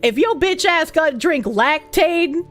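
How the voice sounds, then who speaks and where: A woman with a Boston accent reads her chat aloud on stream in a high, bubbly voice. Her pitch jumps around constantly as she jokes. Faint music plays in the background. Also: a little slow. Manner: animated, laughs often, crude jokes. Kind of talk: casual chat, reading chat aloud.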